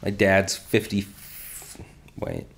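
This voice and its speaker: A man's voice: low voice, huge pitch swings, takes it slowly, vocal fry, slight background noise. Easygoing man chatting with friends. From Canada. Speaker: podcast guest. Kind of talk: casual comedic chat.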